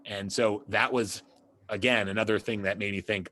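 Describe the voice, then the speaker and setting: A man's voice: fairly low pitch, moderate pace, bright, forceful tone. A man from the United States, a publicist being interviewed, telling a personal story in a casual, rambling way with lots of "you know" and restarts.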